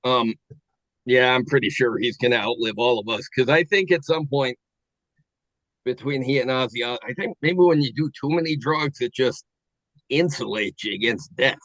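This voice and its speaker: A middle-aged man hosting a relaxed podcast chat, musing aloud and restarting his sentences as he goes. His voice sounds dry and close to the mic, with no room around it. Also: mid-range voice, no echo, rough recording. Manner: musing, halting, with many fillers and restarts. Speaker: podcast host. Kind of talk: casual chat.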